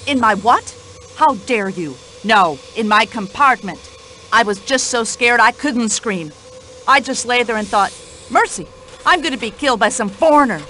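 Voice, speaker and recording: A woman's voice: on the high side, lively intonation, moderate pace, pushed and bright, a little hiss or hum, rough recording. A woman voicing a talkative, indignant older widow in a radio play, speaking. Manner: indignant, chatty, complaining.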